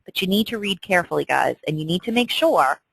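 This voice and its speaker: A woman's voice: fairly low pitch, animated, fast, creaky, husky, dry recording, low-quality recording. A woman teaching stock chart reading in a chatty, emphatic way, often checking in with "okay?". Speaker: trading instructor. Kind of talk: screen-share trading tutorial.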